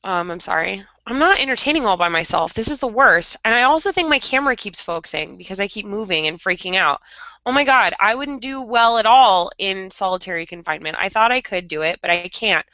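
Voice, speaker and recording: A woman's voice: medium pitch, animated, fairly quick, bright, forceful tone, no room sound, dull audio. A woman co-hosting a podcast over a video call, rambling in a melodramatic, chatty way. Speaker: podcast co-host. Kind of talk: casual chat.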